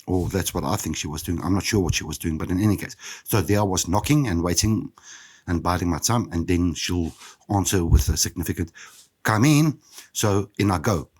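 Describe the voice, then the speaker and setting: A South African man in his fifties, hosting a podcast and telling his own story in a candid, reflective, halting way. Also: deep voice, darkish tone, slightly rough. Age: 50s. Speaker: podcast host. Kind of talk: personal storytelling monologue.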